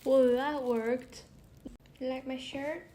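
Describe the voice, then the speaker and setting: A young woman vlogger chatting casually and reading funny stories aloud while she does her make-up, giggling and trailing into soft asides. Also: high-pitched, steady tone, slow. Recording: echoey room with faint background hiss.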